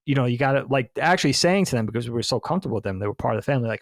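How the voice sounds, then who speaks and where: Enthusiastic male podcast co-host, gravelly texture, dry close mic. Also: medium pitch, racing, few pauses, no room sound. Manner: animated, enthusiastic, laughs often. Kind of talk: casual podcast film discussion.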